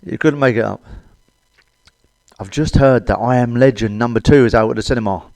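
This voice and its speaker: A middle-aged man with a British accent runs through a crude stand-up routine, blunt and cheeky, with plenty of swearing. His voice sits at an ordinary middle pitch. The sound is dry and close, with no room echo. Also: a little fast, creaky, a little mellow. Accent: British English. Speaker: stand-up comedian. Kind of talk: crude stand-up comedy monologue.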